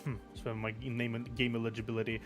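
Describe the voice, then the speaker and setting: A man reading the lines of a smug, scheming male manager who loudly taunts the others. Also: medium pitch, completely flat delivery, fast talker, lightly acted. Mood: gloating. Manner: loud gloating taunts. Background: background game music.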